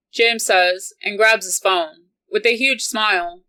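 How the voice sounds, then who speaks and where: A woman reading a romance novel aloud in an unhurried, even manner. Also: medium pitch, poor audio. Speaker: audiobook reader.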